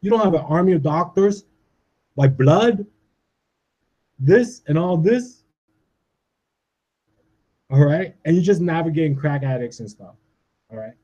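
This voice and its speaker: A man's voice: a little high, animated, unhurried, pauses often, warm tone, muffled recording. A man in his forties from Canada, delivering a profane, agitated rant and ending his points with "all right?". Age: 40s. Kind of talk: ranting monologue.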